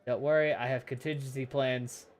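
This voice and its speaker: A man's voice: medium pitch, steady tone, normal speed. A man from Wisconsin narrating as game master in a casual, sweary way. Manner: casual, swearing, jumps between character voices.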